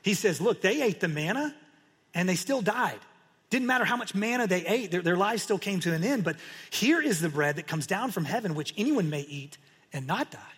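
A man preaching a sermon as pastor, telling the story in an animated way and acting out the crowd's reactions. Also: sits high, moderate pace, breathy edge. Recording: long hall reverb.

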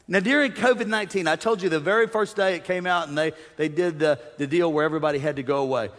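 A man preaching a sermon as pastor, energetic and humorous, calling out to his congregation. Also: fairly high pitch, fast talker. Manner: energetic preaching with audience call-outs and humor. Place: church sanctuary. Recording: long reverb of a large hall.

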